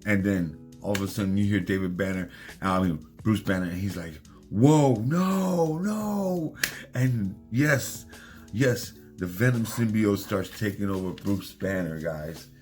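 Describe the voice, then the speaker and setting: A man with a fairly low voice talks through a comic issue in a loose, excited way. He keeps slipping into the characters' lines as he retells each scene. Soft music plays underneath. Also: moderate pace. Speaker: comic book reviewer. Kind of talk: casual comic recap.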